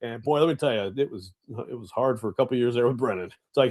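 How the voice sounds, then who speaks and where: A middle-aged man co-hosting a radio show from home, telling a self-deprecating story with loud, animated outbursts. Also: medium pitch, fast talker. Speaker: radio co-host. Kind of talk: casual sports radio chat. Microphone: home setup on video call.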